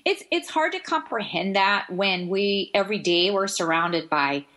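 A woman hosting a radio talk show, interviewing an author in a relaxed, chatty way. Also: mid-range voice, a little slow. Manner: chatty, with many fillers and restarts.

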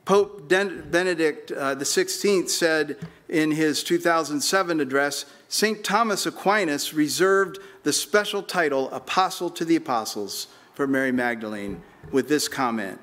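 A man preaching a sermon as a pastor, slowing down and pausing for emphasis and building to emphatic peaks. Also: on the high side, fairly bright tone.

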